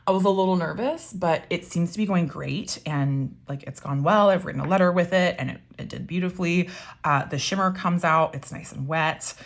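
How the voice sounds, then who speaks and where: A woman with a low voice talks her way through a show-and-tell, chatty and enthusiastic, full of likes and ums. Her voice has a gravelly fry that gets a bit froggy. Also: moderate pace. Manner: chatty, enthusiastic, many fillers. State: voice getting froggy. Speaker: pen and ink vlogger. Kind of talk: casual show-and-tell while writing.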